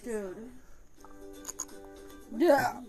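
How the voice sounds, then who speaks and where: High, lively, teasing woman. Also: extremely slow, creaky, over music. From Oregon, USA. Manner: crude, teasing, threatening in jest. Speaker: podcast co-host. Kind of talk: casual chat.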